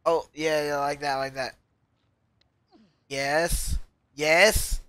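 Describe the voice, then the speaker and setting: A woman's voice: low-pitched, fairly even intonation, drawn-out words, a bit bright, dry recording. A woman streaming a frustrating climbing game, yelping yes and no, laughing and shrieking at every setback. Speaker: VTuber streamer. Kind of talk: reactive gameplay commentary.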